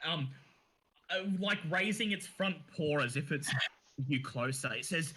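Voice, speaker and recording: A man narrating a tabletop game as dungeon master, halting with frequent fillers. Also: on the high side, expressive, background noise.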